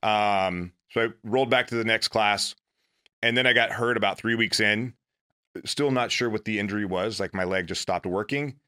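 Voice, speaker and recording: Casting: man, lowish voice, bright tone, earnest storyteller with a self-deprecating streak. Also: moderate pace, smooth. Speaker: former Navy SEAL guest. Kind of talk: casual storytelling.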